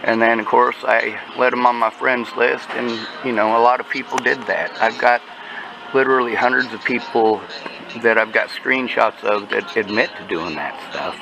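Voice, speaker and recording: A man's voice: mid-range voice, fairly even intonation, normal speed, gravelly, noisy background. A man telling his story in casual conversation, agitated and profane, often restarting his sentences.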